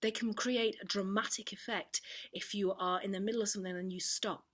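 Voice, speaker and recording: A woman teaching an online drama lesson, explaining clearly and demonstrating examples with her voice. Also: medium pitch, fairly even intonation, fairly quick, a bit bright. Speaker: performing arts teacher.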